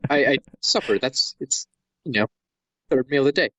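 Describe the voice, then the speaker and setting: A man from Wisconsin co-hosting a podcast in casual comedic chat, rambling and breaking into excited shouts. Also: mid-range voice, normal speed, dry recording, dull audio. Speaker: podcast co-host.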